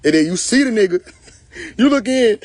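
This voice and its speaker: Husky, animated man telling a story. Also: sits high, moderate pace, dry recording. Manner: animated, laughing, acts out both sides of dialogues. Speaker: livestream host. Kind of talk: casual storytelling on a live stream. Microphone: phone.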